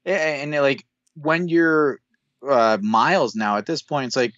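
A man's voice: medium pitch, a little slow, a bit bright, dry recording, lo-fi sound. A man in casual conversation about a TV episode, rambling with fillers. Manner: rambling, many fillers and restarts.

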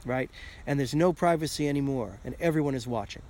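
A man's voice: mid-range voice, brisk, darkish tone. A man hosting a podcast in a casual solo monologue, rambling and checking in with "okay?" as he goes. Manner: rambling, keeps asking "okay?", swears casually. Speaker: podcast host.

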